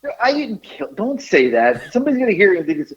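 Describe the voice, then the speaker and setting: A man telling a funny story on a podcast, animated and often laughing at his own tale. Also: high-pitched, fast talker, dull audio. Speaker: podcast co-host. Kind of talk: casual storytelling chat.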